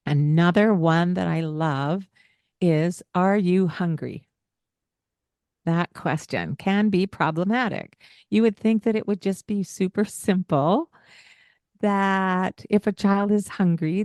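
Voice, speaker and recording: A woman's voice: on the low side, a little mellow, no echo. A woman hosting a parenting podcast in casual chat, laughing often and acting out the lines a parent might say.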